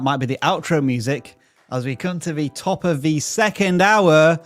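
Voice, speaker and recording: A man's voice: a little high, moderate pace, no room sound, soft background music. A man hosting a live stream, upbeat as he reads out viewer messages and answers them.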